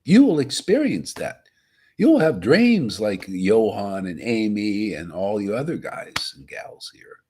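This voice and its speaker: A man's voice: fairly low pitch, sing-song, unhurried, mellow, breathy edge. A man giving a rambling, casual devotional talk as a spiritual teacher.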